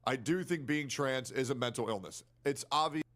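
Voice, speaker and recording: A man's voice: medium pitch, moderate pace, a bit bright. A man in a played clip, rambling through an argument and often asking "right?". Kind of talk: casual podcast argument.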